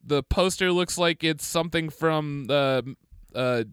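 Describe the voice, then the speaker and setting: A man's voice: on the high side, measured pace, fairly bright tone, smooth, no room sound, clean studio sound. A man co-hosting a comedy podcast in crude, joking, rambling casual chat. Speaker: podcast co-host.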